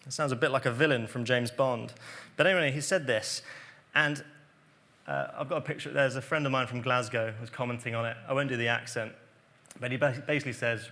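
Bright-voiced male preacher. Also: mid-range voice, fairly even intonation, fairly quick. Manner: earnest, explanatory, drops to quiet emphasis. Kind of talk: sermon.

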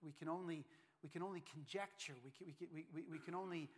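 A pastor preaching a sermon, emphatic and repetitive, swinging from hushed lines to loud ones. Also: male voice, on the high side, steady tone, fast.

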